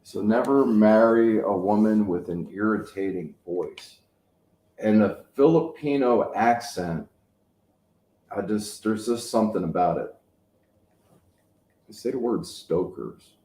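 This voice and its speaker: Male, 50s, channel host: dark, mellow voice, loose rambling chat, roomy echo. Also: fairly low pitch, animated, slow pace, long pauses. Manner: rambling, anecdotal storytelling. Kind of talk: casual chat. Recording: echoey room.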